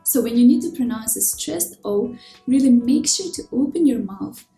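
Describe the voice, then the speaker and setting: A woman delivers a scripted pronunciation lesson in a clear, measured way. Her voice sits fairly high but sounds mellow. The room is echoey, with soft music underneath. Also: animated. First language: Russian. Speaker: language teacher. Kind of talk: scripted instructional narration. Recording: roomy echo with faint background music.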